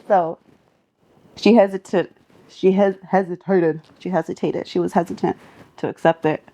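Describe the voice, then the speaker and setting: A young woman from Southern California, a singer on a podcast, speaks at a normal speed with a fairly low pitch, pausing often. Her street stories are casual and profane, punctuated by laughter and animated reenactments of what people said.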